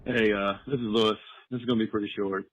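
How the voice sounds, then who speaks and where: A man's voice: lowish voice, fairly even intonation, fast talker, a bit bright, poor audio. A man leaving a short, frustrated and crude voicemail. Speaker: caller. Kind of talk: ranting voicemail.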